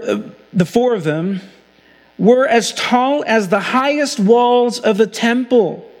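A man preaching a sermon as pastor, earnest and slowing down to stress key phrases. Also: sits high, big-room sound. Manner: earnest preaching, slows for emphasis.

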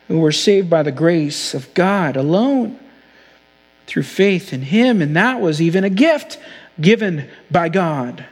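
A man preaching a sermon as pastor, earnest and slowing down to stress key phrases. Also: high voice, animated, long reverb tail. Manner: earnest preaching, slows for emphasis.

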